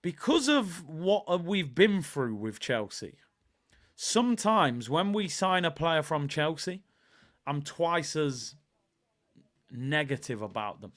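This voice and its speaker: A man's voice: fairly high pitch, very animated, takes it slowly, fairly bright tone. Emphatic man hosting a live football watch-along. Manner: emphatic, repeats lines for effect, reads viewer comments. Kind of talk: live stream match commentary chat.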